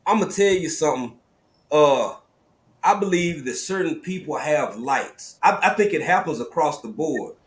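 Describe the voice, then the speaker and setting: Southern guy hosting a stream panel, kinda high voice, echoey room, animated storyteller. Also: normal speed. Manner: animated, storytelling, drawling slang. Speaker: live stream host. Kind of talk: casual panel talk. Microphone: video call.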